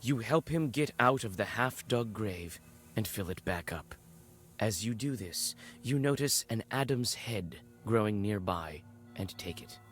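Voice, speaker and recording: Game narrator, low voice, measured, descriptive, second person, soft music. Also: male voice, expressive. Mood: neutral. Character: adult male storybook narrator.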